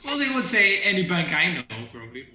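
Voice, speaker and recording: Halting man in an echoey room. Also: high voice, big pitch swings, over loud music. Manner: halting, restarts and repeats words, chuckles often. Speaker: game developer and filmmaker. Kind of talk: casual chat on a dev stream.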